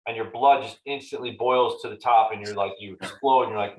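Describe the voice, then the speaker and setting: A man's voice: medium pitch, brisk, few pauses, slight background noise. Man giving a casual real estate training talk. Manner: conversational, acts out client dialogues in animated voices. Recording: roomy echoey meeting room.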